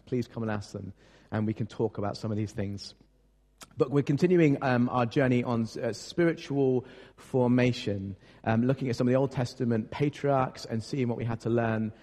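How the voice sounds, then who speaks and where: A man's voice: mid-range voice, warm tone. A man preaching a sermon as pastor, conversational and self-deprecating, with frequent fillers and repeated words. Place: church. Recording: long church reverb.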